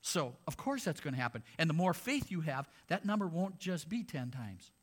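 A man's voice: fairly high pitch, very animated, normal speed. A man, a pastor, preaching a sermon in a conversational way, with sarcastic asides.

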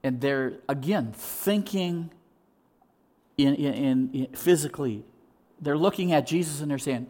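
A male pastor preaching a sermon in an animated way, acting out voices and repeating words as he restarts. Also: on the high side, a little slow.

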